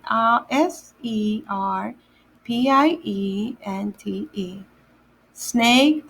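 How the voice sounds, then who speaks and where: Slow, patient woman teaching words. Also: mid-range voice, animated, creaky, fairly bright tone, rough recording. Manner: repeats words slowly, spells them out letter by letter. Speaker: Spanish teacher for a day camp. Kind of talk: slow, patient vocabulary lesson for children.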